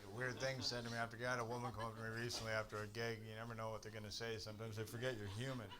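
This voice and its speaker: A man from Canada doing a stand-up set on a comedy club stage, telling exasperated stories that build to shouted punchlines. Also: lowish voice, level tone, rapid-fire, crowd noise. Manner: exasperated storytelling, swearing, rising to shouted punchlines. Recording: live club recording with audience noise.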